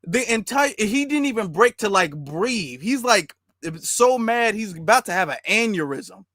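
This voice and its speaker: A man hosting reaction commentary, his voice pitched high and his tone sarcastic and mocking. The sound is dry and close, with no room echo. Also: animated, a little slow, sharp tone. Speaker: commentary channel host.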